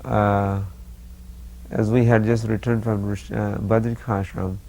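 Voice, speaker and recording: Low, gravelly man with a flat delivery. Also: slight background noise. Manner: measured, plain storytelling with fillers. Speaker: former disciple recalling memories. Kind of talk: reminiscing interview.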